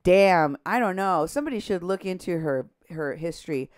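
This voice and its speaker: Her lowish, animated voice moves at a moderate pace as she delivers indignant talk radio commentary, reading social media posts with contempt while her agitation rises toward near-shouting. The sound is clean, echo-free and studio quality.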